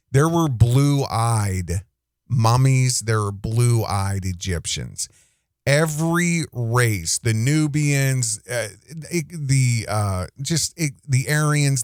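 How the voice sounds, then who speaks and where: A man's voice: medium pitch, a little mellow, dry recording, studio quality. A man hosting a casual reaction commentary, rambling and indignant, with many restarts. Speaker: commentary host.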